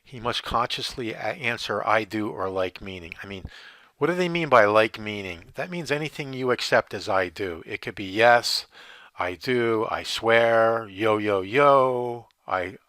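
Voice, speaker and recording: A man's voice: lowish voice, moderate pace, pushed and bright, no echo. A man teaching notary procedure in an explanatory way, asking rhetorical questions and then answering them. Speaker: notary instructor. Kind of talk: instructional explanation.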